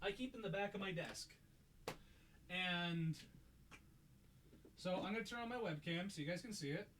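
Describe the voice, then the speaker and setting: A man streaming a game, chatting casually and telling a rambling, excitable story. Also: high voice, moderate pace, background noise. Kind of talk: casual chat.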